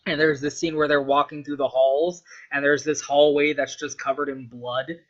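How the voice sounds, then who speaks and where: A man's voice: on the high side, little pitch movement, normal speed. Young man rambling casually, sweary. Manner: loose, sweary, full of filler "like". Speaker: vlogger. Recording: dull lo-fi recording.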